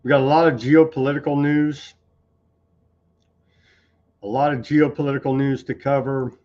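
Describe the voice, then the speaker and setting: Man, casual news-stream host, sarcastic and rambling, mid pitch, slightly muffled lo-fi audio. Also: level tone, moderate pace, darkish tone. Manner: sarcastic, rambling, scornful asides.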